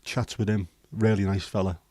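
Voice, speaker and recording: A man's voice: fairly low pitch, level tone, normal speed, a little mellow, dry recording. A man with a Liverpool accent hosting a casual livestream, chatting through viewer comments with rambling, hesitant banter and the odd swear. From Liverpool, England. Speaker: livestream host.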